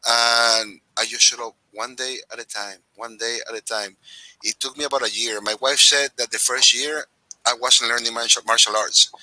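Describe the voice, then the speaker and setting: A man's voice: medium pitch, steady tone, moderate pace, sharp tone, dry recording, poor audio. A middle-aged man, a podcast guest, telling his fight story in a casual interview, with many restarts and acted-out quotes.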